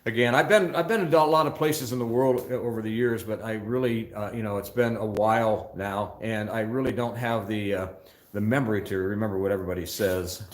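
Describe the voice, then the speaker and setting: An older man with a lowish voice talks fairly quickly in a reverberant space. He's a motorcycle channel host doing a casual phone live stream from a motorcycle shop, rambling in a scattered way and reading viewer comments aloud.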